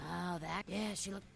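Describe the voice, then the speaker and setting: Gravelly friendly diner waitress. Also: female voice, lowish voice, exaggerated voice. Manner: friendly, chatty. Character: kindly diner waitress, middle-aged woman. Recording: game music behind.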